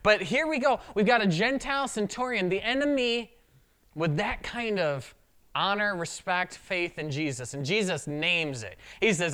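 A pastor preaches in a relaxed, conversational way, acting out the quoted lines as they come up. The pitch is very animated, rising and falling all through the delivery. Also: normal speed. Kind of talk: sermon.

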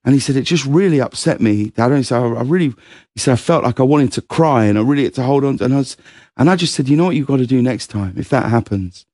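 A man's voice: medium pitch, fast talker, dry recording, clean studio sound. A man chatting as a guest on an interview show, telling anecdotes and acting out quotes in a raised voice. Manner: animated storyteller, acts out quotes in raised voice. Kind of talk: casual interview chat.

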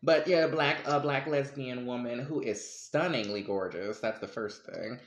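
A man co-hosting a casual podcast chat, talking in an animated, emphatic way with slang and frequent laughs. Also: mid-range voice, a little slow, echoey room. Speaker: podcast co-host.

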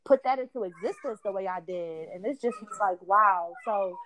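A woman's voice: mid-range voice, normal speed, fairly bright tone, a little hiss or hum, rough recording. A woman from the Philadelphia area, a guest telling her personal story in a candid, chatty way and laughing between sentences. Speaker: interview guest.

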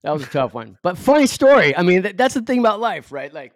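A man's voice: high voice, big pitch swings, quick pace, no room sound, clean studio sound. A middle-aged man from Southern California, a podcast guest telling a story with many fillers and acted-out quotes. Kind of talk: storytelling in an interview.

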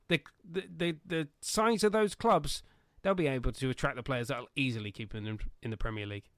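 A man co-hosting a casual football podcast, talking animatedly with loud bursts, swearing and laughing at his own jokes. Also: mid-range voice, a little fast, hardly any pauses, no room sound, studio quality. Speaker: podcast co-host.

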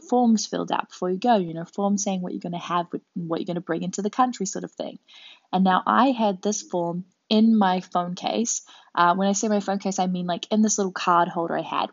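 A woman's voice: fairly low pitch, brisk, gravelly, no echo. A young woman hosting a podcast, telling a travel story in a rambling, chatty way full of fillers. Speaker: podcast host. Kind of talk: casual storytelling monologue. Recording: dull lo-fi dry home recording.

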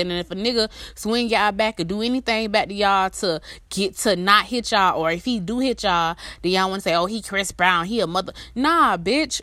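A woman's voice: medium pitch, fairly bright tone, no echo. A woman in the middle of a heated, foul-mouthed rant to her audience, giving relationship advice through her own stories. Her voice sits in an ordinary middle range, and the sound is close and dry, with no room around it. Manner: blunt, emphatic, heavy swearing, storytelling asides. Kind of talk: casual profane rant to viewers.

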